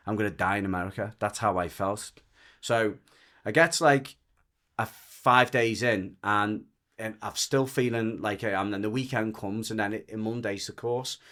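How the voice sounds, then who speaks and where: A man's voice: on the low side, a little slow, fairly bright tone. A man from the Wirral with a Merseyside accent, telling a story in casual podcast chat, rambling and frank, often restarting and swearing. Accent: Merseyside English. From the Wirral, England. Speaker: dog trainer and podcast guest.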